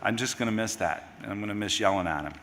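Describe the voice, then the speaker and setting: His voice lowish and a bit bright, a middle-aged father on the verge of tears delivers a eulogy for his child's memorial service. He stumbles and wanders, often starting sentences over. The podium mic in the large hall picks up reverb and some faint background noise.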